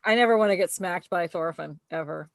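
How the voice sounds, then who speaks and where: A woman's voice: lowish voice, fairly quick, vocal fry, no echo. A woman co-hosting a casual chat, reacting to stories in a chatty, responsive way. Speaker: co-host.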